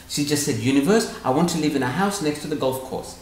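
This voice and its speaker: A man's voice: a little high, brisk, few pauses. A man telling stories in a talk, acting out quoted dialogue in other voices. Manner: animated, acts out quoted dialogue. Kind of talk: storytelling talk answering questions. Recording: echoey room.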